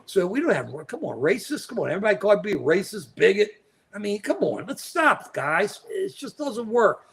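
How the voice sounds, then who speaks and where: A man's voice: high voice, big pitch swings, moderate pace, gravelly, a bit bright, slight background noise. A man co-hosting a live political chat show, talking animatedly and calling out viewers by name. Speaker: co-host. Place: at home in New York.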